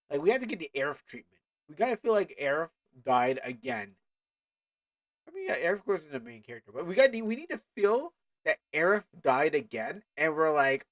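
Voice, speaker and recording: A man's voice: fairly high pitch, a bit bright, no echo. A man streaming a game, rambling casually and often cracking up with laughter. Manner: rambling, keeps breaking into laughter. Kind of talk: casual livestream commentary.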